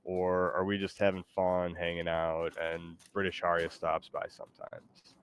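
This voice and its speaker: A man's voice: low voice, completely flat delivery, a little slow, a little hiss or hum. A man chatting casually and playfully while streaming a game. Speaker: Twitch streamer. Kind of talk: casual gaming stream chat.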